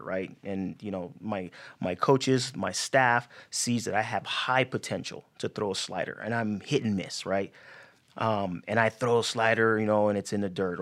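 On a podcast, a sports psychology guest casually explains mental reframing for athletes, acting out players' inner voices. His voice is fairly low in pitch with a fairly bright tone.

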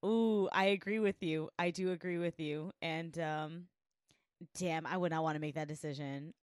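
Female co-host, lower voice, candid sweary chat, dry close sound. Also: steady tone, normal speed, no room sound. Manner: frank and emotional, swears freely. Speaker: podcast co-host. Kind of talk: casual chat recapping a show.

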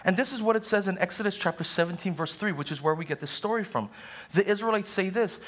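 A man in his thirties preaching a sermon in a church, shifting between soaring, emphatic passages and quiet, conversational asides. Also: high voice, expressive, fast talker. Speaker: pastor. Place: church sanctuary.

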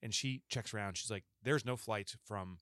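A man with a lowish voice, speaking at normal speed, co-hosts a podcast and tells a long story in a relaxed, chatty way, animatedly voicing the lines of the people involved. The recording is clean, studio-quality, and has no echo.

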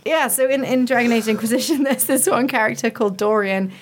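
Animated woman telling stories on a panel. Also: a little high, brisk, a little hiss or hum. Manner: animated storyteller who acts out quotes. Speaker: writer on a panel. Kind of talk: casual panel chat.

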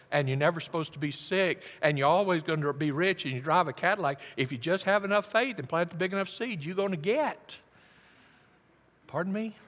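Male pastor, fairly high, bright voice, dramatic sermon delivery, long hall reverb. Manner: dramatic storytelling, swings from hushed to loud. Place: church.

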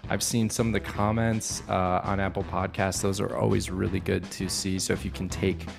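A man in his thirties with a very deep, gravelly voice chats casually as a podcast co-host. He rambles easily, trailing through fillers. Faint guitar music plays underneath. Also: level tone, normal speed. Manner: laid-back, rambling with many fillers.

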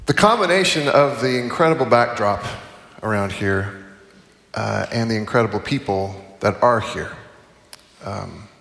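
A man's voice: on the low side, fairly bright tone. A middle-aged man giving a chapel sermon in a conversational, self-correcting way with humorous asides. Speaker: chapel speaker. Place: large chapel hall. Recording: echoey hall, distant mic.

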